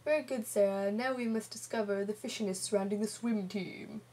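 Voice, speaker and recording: A woman's voice: mid-range voice, fairly even intonation, fairly quick, noisy background, lightly acted. A teen girl doing a prim, stuffy older male mentor. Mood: formal.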